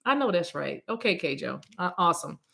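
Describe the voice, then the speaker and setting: A woman's voice: fairly low pitch, big pitch swings, a little fast, vocal fry, fairly bright tone, a little hiss or hum. Rambling East Coast woman livestreaming. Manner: rambling, playful, greets viewers by name. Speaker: spiritual reader, livestream host. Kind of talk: casual livestream chat with viewers.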